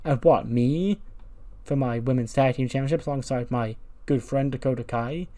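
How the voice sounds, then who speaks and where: A man's voice: mid-range voice, moderate pace, warm tone, close to an everyday voice. A man voicing a smug, condescending female wrestling champion who taunts her rivals. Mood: mocking. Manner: mocking, condescending.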